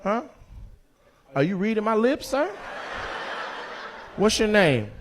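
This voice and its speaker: A man doing stand-up crowd work in a comedy club, teasing audience members with loud banter and putting on their voices. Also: high-pitched, sing-song, takes it slowly, pauses often, a little hiss or hum. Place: comedy club stage before a live audience. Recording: faint crowd ambience, audience laughter.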